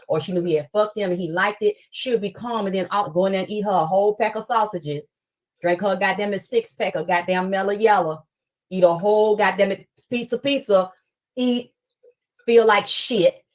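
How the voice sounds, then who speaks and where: A woman's voice: mid-range voice, moderate pace, poor audio. A woman telling a story in an angry, profane live stream rant.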